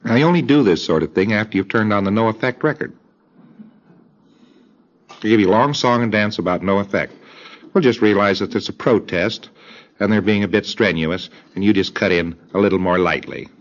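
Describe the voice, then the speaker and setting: A man giving a recorded lecture in a deliberate way, acting out bits of dialogue in quoted voices. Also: lowish voice. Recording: dull lo-fi old tape.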